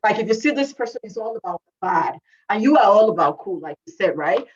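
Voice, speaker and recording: A woman's voice: mid-range voice, lively intonation, fairly quick. Woman coaching youth over lo-fi audio. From immigrant to Canada. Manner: conversational, repeats phrases, lots of "you know". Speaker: youth workshop speaker. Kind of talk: motivational talk to youth. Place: Canada.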